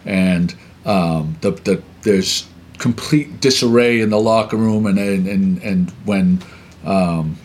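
Low-voiced man asking stumbling questions. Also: a little mellow. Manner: halting, stumbling questions with many fillers. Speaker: interview host. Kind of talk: casual interview questions.

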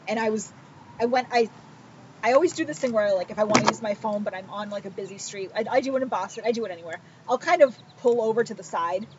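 A woman's voice: medium pitch, quick pace. A woman co-hosting a podcast, telling a story with lots of acted-out quotes and casual swearing. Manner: animated storyteller, acts out quotes, swears freely. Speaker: podcast co-host. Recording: dull lo-fi podcast audio with faint noise.

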